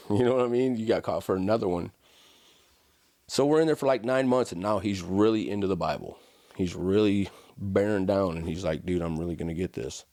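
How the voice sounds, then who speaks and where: Man, very low voice, casual storyteller, dry close sound. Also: normal speed, dry recording. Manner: casual, animated storytelling with frequent "right?" and "like". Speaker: podcast guest. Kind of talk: conversational storytelling.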